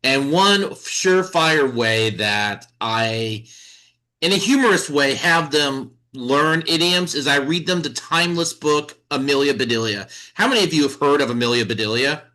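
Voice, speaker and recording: A man's voice: on the high side, moderate pace, pushed and bright, low-quality recording. A man who teaches English giving a confident impromptu speech at a club meeting.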